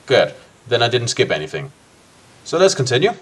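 A man reads a gamebook aloud for his co-op partner in an animated, swooping voice. He sits at a middle pitch and slips joking asides between passages. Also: a little fast. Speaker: let's play host.

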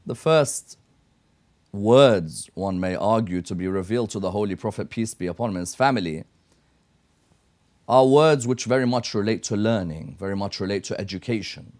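A man with a British accent, a guest scholar in a TV studio discussion, explaining at length in a measured way and building points in steady lists. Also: lowish voice. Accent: British English.

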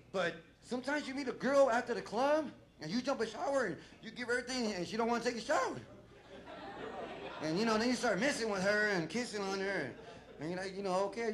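A man's voice: high voice, lively intonation, brisk. A male stand-up comedian, doing a crude, rambling set full of swearing and acted-out bits, on a club stage with a handheld mic. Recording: loud crowd laughter and room noise.

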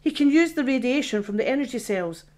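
A woman's voice: sits high, animated, a little fast, a little mellow, pitched above the performer's own voice. A woman voicing a frightened male artificial intelligence who pleads and blurts out in exasperation, in an audiobook.

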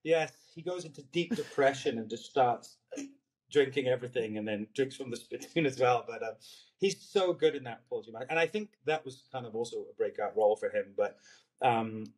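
A man's voice: medium pitch, expressive, a little fast. A man in his forties with a Scottish accent, a guest on a film interview, talking in a loose, rambling way and searching for words. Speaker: actor guest. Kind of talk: casual interview chat.

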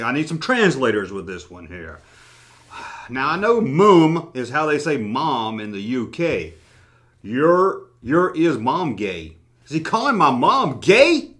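Reading through comments in a casual vlog, this toy-collecting YouTuber cracks sarcastic jokes and curses freely. He speaks at a medium pitch with a fairly bright tone.

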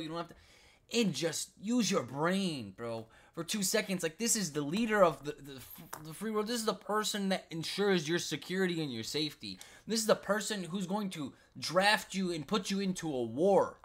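A man's voice: high voice, expressive, moderate pace. Frustrated man ranting about politics. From United States. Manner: frustrated, repetitive, says bro and like. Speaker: commentary vlogger. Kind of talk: political rant.

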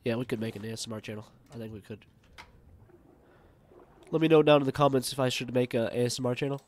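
A man's voice: medium pitch, steady tone, fast talker, darkish tone. A man casually commenting on a survival video game as he plays, thinking aloud and rambling with fillers. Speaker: gamer. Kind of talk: let's play game commentary.

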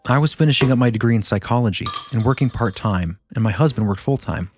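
A man hosting a podcast, reading a listener's first-person story aloud in a steady, measured way. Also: medium pitch, noisy background. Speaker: podcast host.

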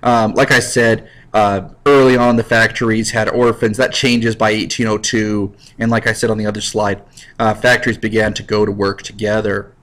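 A man's voice: on the low side, level tone, normal speed, a bit bright, rough recording. A man teaching a history lecture in a casual, jokey way, acting out little scenes. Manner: jokey, acts out scenes in voices. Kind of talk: recorded classroom lecture.

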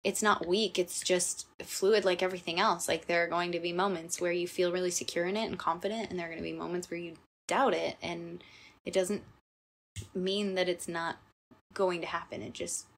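A young woman co-hosting a casual podcast chat, telling stories in a warm, emotional way that turns tearful. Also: lowish voice, steady tone, moderate pace. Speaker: podcast co-host.

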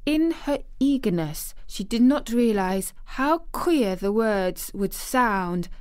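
A woman narrating a children's audiobook in a gentle, measured storytelling manner. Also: medium pitch, clean tone.

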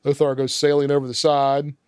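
A man's voice: mid-range voice, monotone, a little fast, a little mellow, smooth, no room sound, clean studio sound. A man on a casual film podcast, walking through the plot step by step and laughing often. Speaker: podcast host recapping a film.

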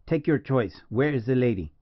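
A man's voice: medium pitch, lively intonation, moderate pace, no echo, muffled recording, natural voice. A man voicing a cold, stern general who questions prisoners with harsh commands.

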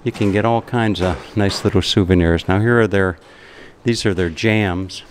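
A man's voice: deep voice, moderate pace, slight background noise. A man filming a casual travel vlog in a roadside café, chatty and enthusiastic, rambling with restarts. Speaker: travel vlogger.

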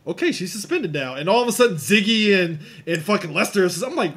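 A man co-hosting a casual podcast, retelling movie scenes and acting them out with lively swings in voice. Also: high-pitched, fast, hardly any pauses, breathy edge. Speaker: podcast co-host. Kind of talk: casual chat.

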